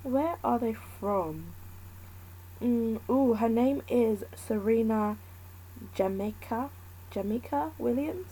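A woman's voice: a little high, lively intonation, slow pace, warm tone, slightly rough, low-quality recording. Candid woman rambling in casual chat. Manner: candid, rambling, thinks aloud.

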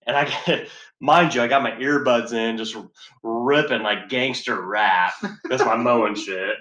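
A man's voice: mid-range voice, moderate pace, fairly bright tone, roomy sound. A man telling a story in a profane casual chat, swearing heavily, sighing and laughing as he talks.

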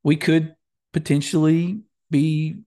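A man's voice: on the high side, fairly even intonation, takes it slowly, warm tone. A man hosting a podcast, asking long, rambling questions and correcting himself as he goes, with a joking touch. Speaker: host. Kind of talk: conversational podcast talk.

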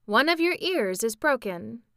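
A woman voicing an earnest young boy who gives brisk instructions in a storybook reading. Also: fairly high pitch, very animated, a bit bright, smooth, no room sound, studio quality, voice pushed up, heavily acted.

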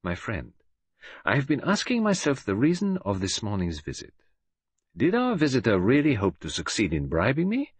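A man voicing a precise, self-assured older male detective who speaks in a gentle, measured way. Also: medium pitch, breathy edge, dry recording, exaggerated voice.

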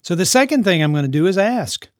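A youth mentor who lives with teenagers gives an earnest talk on parenting, often repeating and restarting phrases. His voice is high and sing-song, he talks fast, and the studio sound is clean with no room noise.

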